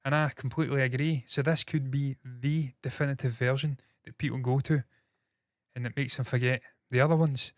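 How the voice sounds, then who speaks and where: A Scottish man hosting entertainment news in casual solo commentary, talking fast with a slightly nasal voice, swearing freely and mocking himself. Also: medium pitch, steady tone, no room sound, clean studio sound. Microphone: processed with equalizers, compression and noise gate.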